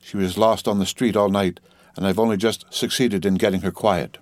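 A man voicing an anxious older woman who speaks in a hurried, hushed way in an audiobook. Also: on the low side, fairly even intonation, dry recording, close to an everyday voice.

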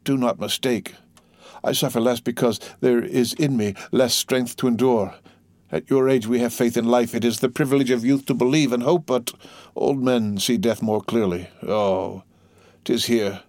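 A man's voice: medium pitch, steady tone, normal speed, a little mellow, no room sound, lightly acted. Man voicing a frail dying old priest. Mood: fading. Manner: faint, fading, at times whispered.

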